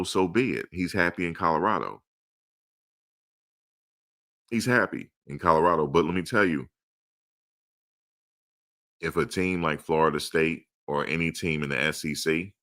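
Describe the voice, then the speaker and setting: Male live-stream host, low pitch, punchy and forceful, keeps hammering rhetorical questions. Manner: emphatic, repeats rhetorical questions. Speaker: livestream host. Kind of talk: live-stream sports commentary answering chat.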